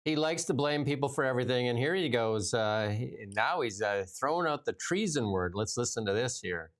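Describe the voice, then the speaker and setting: A man co-hosting casual political commentary, blunt and dismissive, with halting fillers. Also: mid-range voice, lively intonation.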